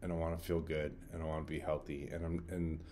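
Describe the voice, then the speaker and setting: A man with a very low voice talks through his daily vlog in an easygoing, rambling way, often restarting his sentences. He stays upbeat throughout. A faint hum of passing cars sits behind him. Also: flat delivery, quick pace, warm tone. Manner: rambling, self-correcting, upbeat. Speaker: daily vlogger. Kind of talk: casual self-recorded vlog. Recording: faint outdoor traffic hum.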